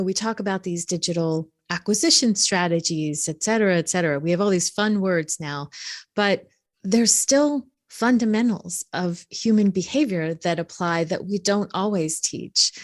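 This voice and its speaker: A woman hosting a podcast interview, asking friendly, thoughtful questions. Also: mid-range voice. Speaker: podcast host.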